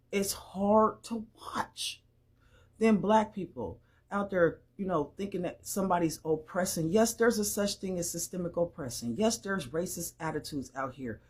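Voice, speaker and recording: An older woman giving an opinionated commentary, emphatic, with sharp swings in her voice. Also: lowish voice, husky.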